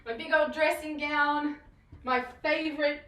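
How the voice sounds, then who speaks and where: A woman's voice: high-pitched, steady tone, measured pace, a crowd in the background. A young woman, a theatre actress telling stories in a casual interview over a video call, bubbly and laughing often. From Australia. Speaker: guest, musical theatre actress.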